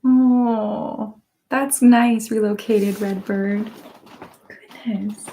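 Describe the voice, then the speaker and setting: A woman hosting an ASMR live stream on binaural microphones, reading viewer comments aloud in a soft-spoken way while stifling giggles. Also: medium pitch, fairly even intonation, extremely slow, a little hiss or hum. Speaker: ASMR channel host.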